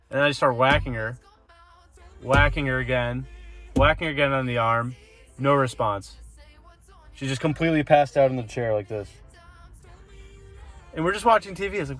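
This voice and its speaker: A man's voice: medium pitch, fairly quick, pauses often, fairly bright tone, faint music behind. Chatty young man telling a story. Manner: loose and chatty, many fillers, occasional swearing. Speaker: brother sending a video message. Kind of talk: casual storytelling.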